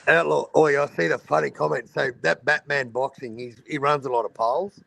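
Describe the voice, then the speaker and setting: A man's voice: fairly high pitch, fairly even intonation, normal speed, vocal fry, bright, forceful tone, no room sound. An Australian man hosting a casual boxing livestream over a video call, blunt and swearing freely in Aussie slang. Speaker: boxing talk show host.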